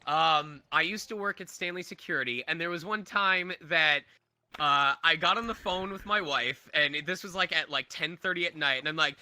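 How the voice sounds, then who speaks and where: Male voice actor, thirties, chatty convention Q&A, bright and a bit high. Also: normal speed. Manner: chatty, laughs often, jumps between voices. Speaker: voice actor guest. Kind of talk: convention Q&A answers.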